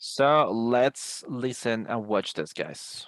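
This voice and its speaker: Gravelly teacher, on a call. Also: male voice, medium pitch, expressive, slow pace, fairly bright tone, no room sound. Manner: repeats words, frequent "right?" checks. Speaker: English teacher. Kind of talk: online class explanation.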